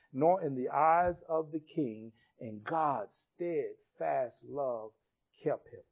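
Slow, high-voiced man preaching. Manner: storytelling, expressive. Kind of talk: sermon.

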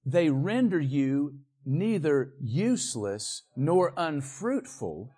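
A man preaching a sermon, building to loud, emphatic peaks and then dropping back to quiet verse-by-verse teaching. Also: a little high, big pitch swings, takes it slowly, slightly rough. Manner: walks the congregation through scripture verse by verse.

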